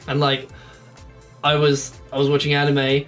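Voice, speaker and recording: A man's voice: a little high, monotone, moderate pace, soft background music. A man from England chatting casually on a podcast, rambling and laughing often. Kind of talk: casual chat. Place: shed studio.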